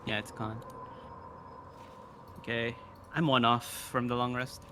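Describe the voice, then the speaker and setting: Bright-voiced man playing a tabletop game. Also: medium pitch, flat delivery. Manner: playful and quick to joke. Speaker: player. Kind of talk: casual tabletop chat. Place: home, online voice call.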